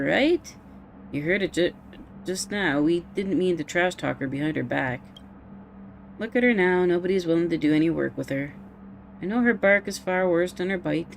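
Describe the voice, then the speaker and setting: A woman's voice: fairly low pitch, creaky, slight background noise. A woman voicing a chatty young woman coworker who gossips, then apologizes and pleads for help.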